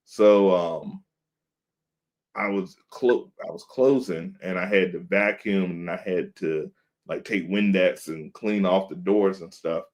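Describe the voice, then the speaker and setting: A man with a fairly low voice tells a story on a podcast. He is casual and animated, and he acts out the other people in the story with put-on voices. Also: takes it slowly. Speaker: podcast host.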